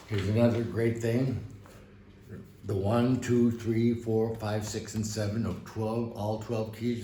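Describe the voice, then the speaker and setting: A male piano teacher gives a casual lesson in a room with a piano, relaxed and encouraging, dropping folksy asides as he plays. His voice is on the low side, with slight background noise and a roomy sound as the piano runs under his speech.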